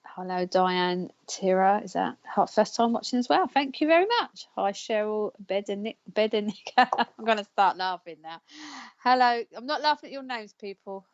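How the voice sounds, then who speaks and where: A woman's voice: medium pitch, normal speed, lo-fi sound. A woman hosting a live psychic counselling show, chatting casually, laughing often and stumbling over names. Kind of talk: casual live-stream chat.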